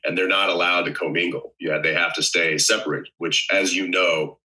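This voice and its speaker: A man with a very low voice and a sharp, forceful edge to it, talking as a podcast guest. He explains at length, circling back with fillers and restarts as he works through his thoughts. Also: fairly even intonation, moderate pace, low-quality recording. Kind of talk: casual chat.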